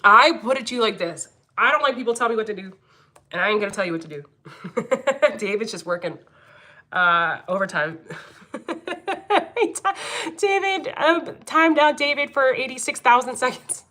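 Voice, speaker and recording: Bright, brash Philadelphia woman. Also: fairly high pitch, lively intonation, moderate pace. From Philadelphia, United States. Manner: blunt, profane, laughs often. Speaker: livestream host, angel medium. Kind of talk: casual livestream chat reading comments.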